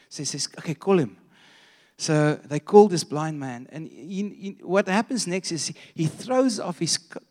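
A man with a slightly higher voice delivers a sermon to a congregation. He tells the story with animated energy, often restarting phrases as he goes. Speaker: preacher. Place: church.

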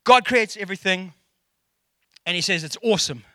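A man's voice: high voice, normal speed, sharp tone, no room sound, studio quality. A middle-aged man with a South African accent preaching a casual, jokey sermon and acting out quotes. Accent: South African English.

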